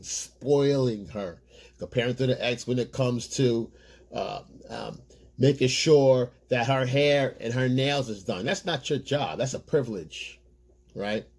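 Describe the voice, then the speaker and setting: A man with a breathy, husky voice gives relationship advice in a loose monologue. He rambles, restarts his sentences and keeps calling his listeners "guys." His tone is easygoing and conversational. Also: mid-range voice, darkish tone. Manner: loose, rambling street-style talk addressed to "guys". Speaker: relationship coach.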